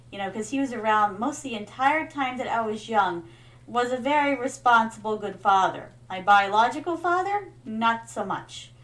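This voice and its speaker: Woman vtuber chatting while she plays, kinda high voice, tells stories, calls everyone darling. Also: fairly bright tone. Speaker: VTuber streamer. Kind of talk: casual game stream chat.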